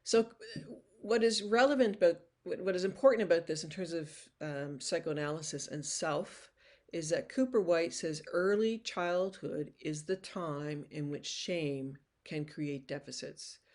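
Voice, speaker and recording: A woman's voice: low-pitched, a little slow. Older woman lecturing conversationally. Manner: conversational, with frequent restarts and "you know"; acts out toddlers' voices when quoting them. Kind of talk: recorded university lecture.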